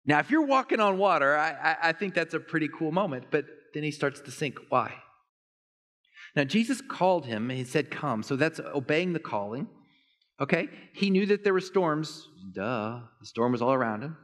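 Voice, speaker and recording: A man delivers a sermon from the pulpit, his voice sitting a little high for a man. He grows animated, pushing up into high excited emphasis on his key points. The sound carries a long reverb, as if filling a large church sanctuary. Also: normal speed. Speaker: pastor.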